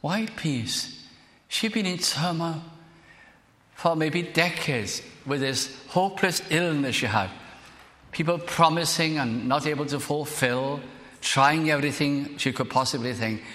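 An older man from South Wales, preaching a sermon as a minister in an earnest, measured way, slowing down to dwell on phrases. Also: on the high side, fairly bright tone. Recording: reverberant hall.

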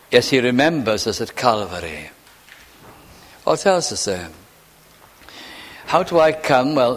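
A man preaching a sermon, slow and emphatic, often dropping to hushed, falling phrases. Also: medium pitch, very animated. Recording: long hall reverb.

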